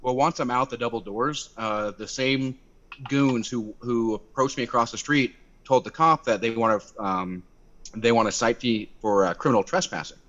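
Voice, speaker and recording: A young man telling a story in casual chat on a video call, animated and swearing, acting out quotes in a louder voice. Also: mid-range voice, moderate pace. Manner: animated, swearing, acts out quotes by raising his voice. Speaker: activist guest. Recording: dull lo-fi video call audio.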